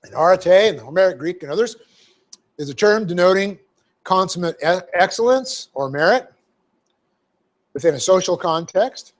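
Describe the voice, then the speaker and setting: A man's voice: high voice, expressive, moderate pace, long pauses. Methodical man teaching a Bible lesson. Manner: methodical, spells out Greek words letter by letter; frequent fillers and "okay?" check-ins. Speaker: pastor. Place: church sanctuary.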